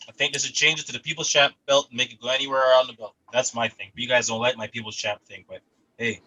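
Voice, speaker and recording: A man co-hosting a casual podcast, chiming in with quick, playful remarks. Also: mid-range voice, fairly even intonation, pushed and bright, rough recording. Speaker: podcast co-host. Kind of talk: casual chat.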